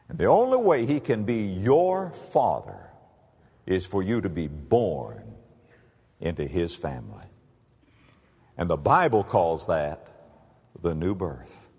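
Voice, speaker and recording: Man, pastor, sermon, lively rising and falling voice, long hall reverb. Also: slow, long pauses, slightly rough. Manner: dramatic swings from soft and low to loud and high.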